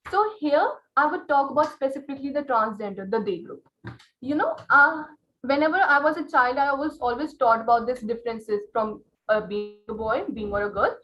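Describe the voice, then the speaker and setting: A woman's voice: high-pitched, moderate pace, fairly bright tone, lo-fi sound. A girl, giving an earnest open mic speech as a student, full of pointed rhetorical questions and fillers. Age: late teens.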